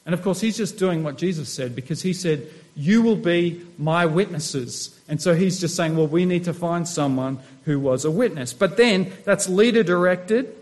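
Teaching scripture in a sermon, a high-voiced, middle-aged male pastor keeps asking his congregation rhetorical questions. He speaks at a moderate pace with few pauses, his tone a little mellow.

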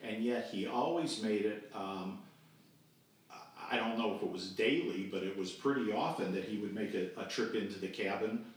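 A man's voice: fairly low pitch, normal speed. A man in his sixties, a podcast guest, telling a childhood camp story and acting out the voices of the people in it. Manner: animated storyteller who acts out quoted voices. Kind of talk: storytelling interview. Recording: distant echoey remote recording with faint noise.

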